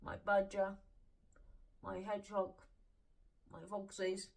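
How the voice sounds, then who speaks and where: A woman slowly telling an emotional personal story, her voice tearful as she holds back crying. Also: medium pitch, monotone, gravelly, recorded from a distance, poor audio. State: close to tears. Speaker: tarot reader.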